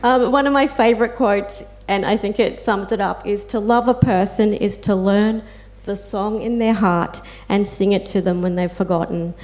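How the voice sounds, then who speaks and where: Aussie woman telling heartfelt carer stories to a crowd, lots of ums, mid-pitched voice. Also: steady tone, moderate pace, darkish tone. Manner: heartfelt storytelling with fillers and quoted asides. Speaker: peer support volunteer and carer speaking on a panel. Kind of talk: personal talk to an audience.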